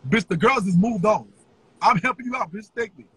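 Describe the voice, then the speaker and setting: A man ranting on a livestream in a taunting, profane way, with sing-song chants and bursts of shouting. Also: high-pitched, a little fast, slightly rough, rough recording. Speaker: social media personality.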